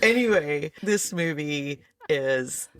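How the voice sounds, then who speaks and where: A woman's voice: low voice, animated, slow, no echo. A woman co-hosting a podcast, chatting casually and laughing often. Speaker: podcast co-host. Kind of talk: casual chat.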